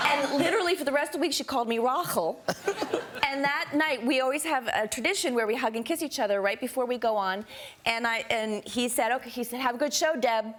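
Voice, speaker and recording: A middle-aged actress telling a chat-show story, expressive and laughing as she acts out quotes. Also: high voice, heavy background noise. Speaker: actress guest. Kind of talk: casual chat show anecdote. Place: television studio with live audience.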